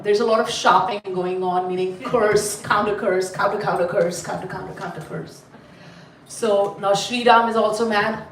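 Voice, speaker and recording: A woman from India, telling a story to a class in an animated, chatty way and quizzing her listeners. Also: mid-range voice, a little hiss or hum. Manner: animated, chatty, asks the group questions. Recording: roomy, mic at a distance.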